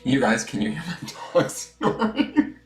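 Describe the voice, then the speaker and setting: A man hosting a casual tarot livestream from home, chatty and self-mocking, swinging between loud greetings and mumbled asides. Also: on the high side, huge pitch swings, measured pace, roomy sound, over loud music. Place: room at home with dogs snoring nearby.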